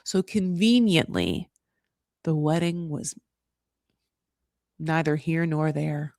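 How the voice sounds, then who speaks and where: A woman's voice: low voice, takes it slowly, a little mellow, no room sound, clean studio sound. An American woman recapping a reality show in a chatty, sarcastic way, full of asides and restarts. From United States.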